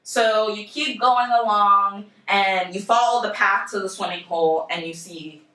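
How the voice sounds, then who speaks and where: A young woman presenting at a university, telling a story to students in a lively way and speaking to the audience directly. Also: medium pitch, a little slow. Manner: lively, addresses the audience directly, acts out quoted voices. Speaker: presenter at a university civic engagement center. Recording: roomy, from a distance.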